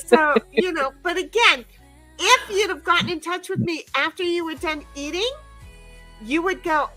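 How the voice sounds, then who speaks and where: A woman's voice: very high voice, measured pace, pauses often, bright, forceful tone, faint music behind, rough recording. A woman hosting a game stream in casual chat, rambling and playful, laughing and swearing freely. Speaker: streamer host.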